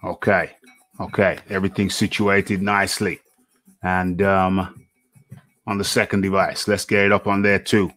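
A man's voice: sits low, flat delivery, a little slow, a bit bright, no room sound, soft background music. A man hosting a live online boxing interview show, chatty, repeating his phrases as he talks through his setup.

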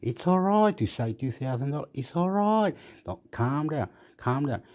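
A man who lives in Australia casually reviewing a phone, rambling and thinking aloud with many pauses. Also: medium pitch, expressive, a little mellow. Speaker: vlogger.

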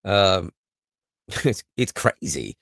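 Lively low-voiced Canadian man chatting. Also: drawn-out words, gravelly, no echo, clean studio sound. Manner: rambling, joking, lots of laughs and restarts. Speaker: podcast co-host. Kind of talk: casual chat.

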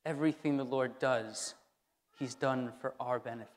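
A man's voice: medium pitch, steady tone, normal speed. A man preaching a sermon as pastor, speaking conversationally and repeating key phrases for emphasis. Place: church sanctuary. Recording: long hall reverb in a church.

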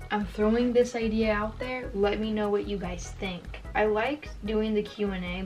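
A woman's voice: mid-range voice, a little mellow, distant mic, rough recording. Young female YouTuber, rambling self-mocking chatter, faint music underneath. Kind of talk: casual chat while painting.

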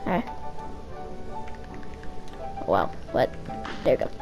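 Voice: slow, over music, rough recording. A young let's-play gamer chatting casually over gameplay, rambling, giggling and correcting themselves.

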